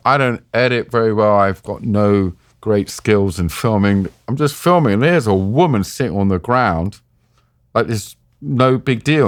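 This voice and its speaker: A middle-aged British man, a war journalist, recounting anecdotes in a lively, self-mocking way as a podcast guest. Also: fairly low pitch, dry recording, clean studio sound. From Britain. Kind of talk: animated anecdotal storytelling.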